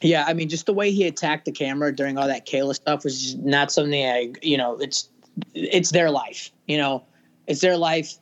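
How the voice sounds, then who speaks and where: Male co-host, higher voice, halting casual chat, slightly muffled line. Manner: rambling, halting, many fillers. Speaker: podcast co-host. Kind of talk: casual podcast discussion.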